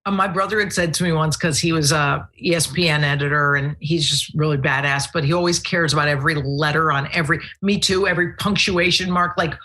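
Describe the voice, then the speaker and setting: Brash podcast guest: woman, low-ish voice with a sharp bright edge, swears freely, animated storyteller. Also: brisk, few pauses. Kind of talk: casual chat.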